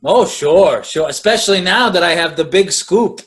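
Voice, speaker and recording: A man's voice: sits high, expressive, moderate pace, a bit bright, slightly rough. A man hosting a podcast, joking with his guest and egging her on. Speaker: podcast host. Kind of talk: casual interview chat.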